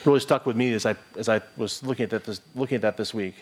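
A man's voice: mid-range voice, quick pace, hardly any pauses. A middle-aged pastor delivers a sermon in an earnest, conversational voice. He reads scripture aloud and restarts his phrases as he thinks aloud.

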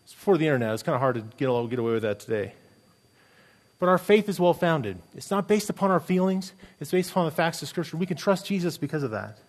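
A man's voice: a little high, lively intonation, fast talker. A middle-aged man, a pastor, preaching a sermon earnestly and emphatically, with many rhetorical questions.

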